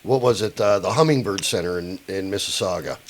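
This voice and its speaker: A man chatting casually on a podcast in a relaxed, loose way. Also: low-pitched, a little fast, slight background noise. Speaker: podcast guest. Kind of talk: casual chat.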